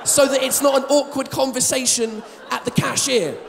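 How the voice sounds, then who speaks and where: An English man in his thirties doing self-mocking stand-up comedy on a theatre stage, with animated storytelling and plenty of swearing. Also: very high voice, moderate pace, gravelly, a faint crowd, a little hiss or hum. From England. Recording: live theatre hall reverb.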